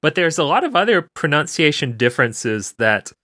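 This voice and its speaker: A man's voice: on the high side, very animated, moderate pace, pushed and bright, dry recording, studio quality. An American man hosting a casual podcast, curious and laughing often as he chats about words. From United States. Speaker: podcast host.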